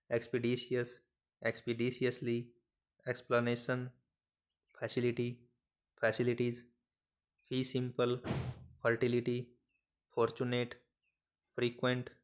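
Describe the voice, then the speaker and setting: A man reading out short phrases and single words one by one for shorthand dictation practice, in a measured, even delivery. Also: medium pitch. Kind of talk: slow dictation of word lists.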